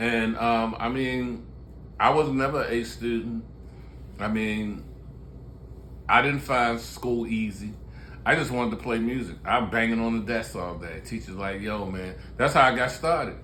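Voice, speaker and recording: A man's voice: medium pitch, measured pace, bright, forceful tone, slight background noise. A man in his sixties from Baltimore, a musician telling stories in a candid, joking way and laughing often in casual chat. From Baltimore, USA. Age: 60s. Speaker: musician and show host.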